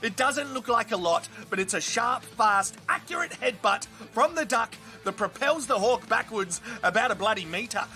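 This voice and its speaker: Australian guy, mock fight commentator, very high and bright voice, crude and excitable. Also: moderate pace, few pauses, faint music behind. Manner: excitable, crude, shouts at big moments.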